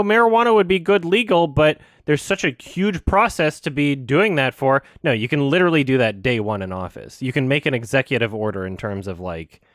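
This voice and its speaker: A man's voice: mid-range voice, a bit bright, no room sound, studio quality. A man chatting casually about politics in a blunt, swearing way.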